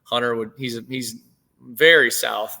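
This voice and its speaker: Gravelly, bright-toned male baseball coach. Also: medium pitch, unhurried. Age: 30s. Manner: easygoing storyteller, many fillers and restarts. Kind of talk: casual interview chat. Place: remote video call. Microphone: video call.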